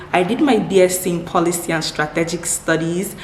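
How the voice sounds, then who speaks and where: A young woman from Nigeria chats to her camera, answering questions in a low, upbeat voice and doubling words for emphasis. The room is echoey, with a faint ambient hum behind her. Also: expressive, normal speed. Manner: upbeat, repeats words for emphasis, laughs often. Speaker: vlogger. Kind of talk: casual Q&A chat to camera.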